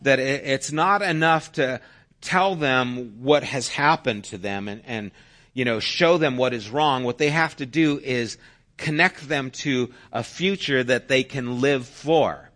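A male pastor delivers a sermon in an earnest, conversational tone. He makes his points through everyday stories. His voice sits at an ordinary middle pitch for a man. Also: unhurried, fairly bright tone. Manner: earnest, conversational preaching with anecdotes.

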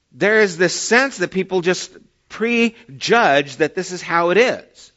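A man preaching a sermon as pastor, telling stories and swinging between loud emphatic lines and quiet, low ones. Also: muffled recording.

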